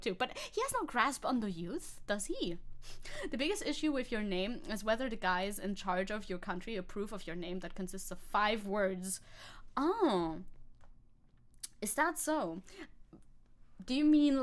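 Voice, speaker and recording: A woman chatting casually on a live stream, playful and giggly, reading chat aloud. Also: medium pitch.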